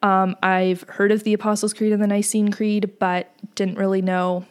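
A woman's voice: mid-range voice, little pitch movement, normal speed, darkish tone, clear, resonant tone. A woman co-hosting a casual podcast about church teaching, explaining in a conversational way with frequent fillers. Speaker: podcast co-host. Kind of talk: casual religious discussion.

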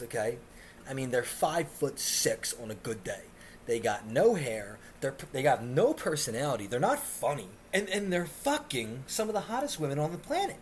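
Man, podcast host, comedic rant, lively swinging pitch, faint background noise. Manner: animated, mocking put-on voices when quoting others. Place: Miami area.

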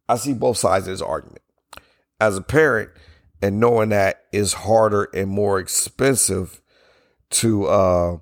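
Hoarse, blunt man podcasting solo. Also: lowish voice, no room sound, studio quality. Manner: blunt, opinionated, loose and conversational; yawning between sentences. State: hoarse, strained voice from yelling. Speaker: podcast host. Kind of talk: casual solo podcast monologue.

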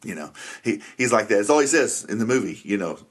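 A man's voice: lowish voice, expressive, quick pace, breathy edge. A middle-aged man hosting a Christian family podcast, upbeat and jokey, often saying "that's right" as he motivates listeners. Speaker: podcast host.

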